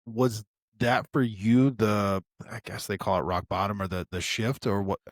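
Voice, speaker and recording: Brief: male podcast host, casual and blunt, lowish pitch, dry sound. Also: steady tone, normal speed, dry recording. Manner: blunt, slangy reactions. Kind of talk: casual interview chat.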